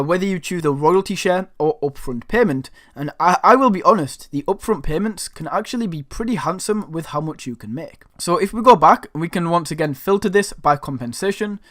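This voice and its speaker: Addressing his viewers as "guys" again and again, this Northern English-accented man from Northern England hosts a side-hustle tutorial over a screen share in an upbeat, chatty manner. His voice is high and a bit bright, and the studio-quality recording has no room sound.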